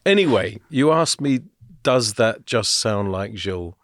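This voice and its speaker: A man's voice: fairly low pitch, lively intonation, a little slow, dry recording, clean studio sound. A man co-hosting a motor racing podcast, telling stories in a chatty, rambling way with fillers. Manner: chatty, storytelling, with fillers and laughs. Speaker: podcast co-host. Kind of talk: casual podcast chat.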